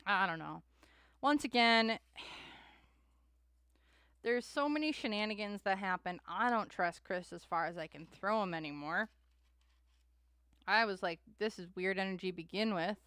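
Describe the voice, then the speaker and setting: A woman's voice: medium pitch, a little slow, long pauses, a bit bright, clear, resonant tone, no room sound, studio quality. A young adult woman hosting a live tarot stream, chatting with viewers in a rambling way and often laughing and sighing between thoughts.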